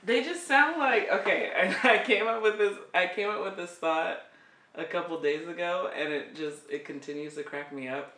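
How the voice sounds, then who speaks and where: Mom co-hosting a podcast, laughs a lot, roomy sound, sits back from the mic. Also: female voice, on the low side, moderate pace, far from the mic, a little hiss or hum. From California. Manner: laughing, animated storytelling. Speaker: podcast co-host, parent. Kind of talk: casual chat. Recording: echoey room, off-mic.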